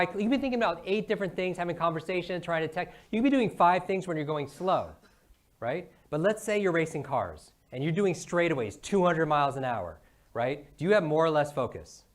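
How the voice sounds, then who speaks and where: A man giving an energetic motivational talk, asking the audience one question after another. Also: fairly high pitch. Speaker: brain coach giving a talk.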